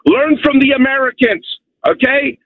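A man's voice: extremely high pitch, steady tone, normal speed, no echo. A man from Canada calling in to a radio show, delivering an emphatic rant and repeating "okay?" to press his points. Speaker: caller. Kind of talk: phone-in rant. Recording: tinny phone line.

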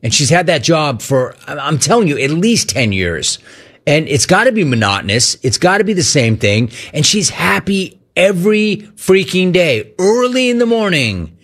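On a call-in program, a middle-aged sports radio host launches into a rant, speaking at normal speed with a lively delivery that ranges widely in pitch. Cheerful greetings get mocked in a high voice.

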